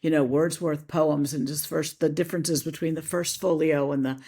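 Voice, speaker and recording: A woman's voice: deep voice, normal speed, slightly rough. Chatty woman from Philadelphia, interview guest. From Philadelphia, USA. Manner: chatty, relaxed, explains with many "like"s. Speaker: guest, creative director and editor. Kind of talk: casual interview chat.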